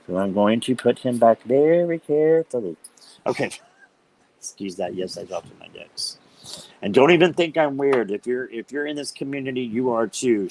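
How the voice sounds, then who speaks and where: A man hosting a live stream, chatting casually with viewers by name and reading tarot cards, upbeat and quick to laugh. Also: medium pitch, darkish tone, a little hiss or hum, low-quality recording. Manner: chatty and upbeat, laughs often while talking; talks directly to viewers by name.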